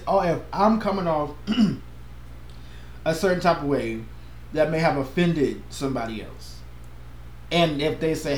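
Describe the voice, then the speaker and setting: Male pastor, fairly high voice, earnest and passionate, echoey room. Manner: earnest, passionate, animated with playful asides. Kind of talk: casual chat.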